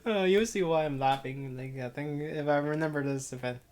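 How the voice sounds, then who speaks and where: With a voice on the high side and a slightly mellow quality, a man moves at a moderate pace through a visual novel as a let's player. He reads it aloud, adds rambling commentary, breaks off mid-thought, and laughs frequently.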